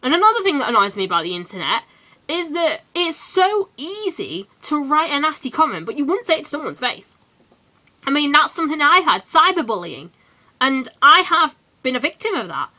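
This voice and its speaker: A teenage woman from England ranting in a casual vlog, animated and full of quick asides. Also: sits high. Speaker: vlogger.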